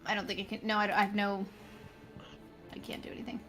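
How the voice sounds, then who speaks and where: A woman playing a tabletop game, excitable and reactive, full of quick exclamations. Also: medium pitch, soft background music. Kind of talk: casual game-table chat.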